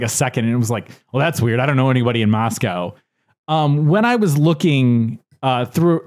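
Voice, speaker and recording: A young man co-hosting a podcast, chatting casually and rambling with lots of restarts and fillers. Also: medium pitch. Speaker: podcast co-host. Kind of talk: casual chat.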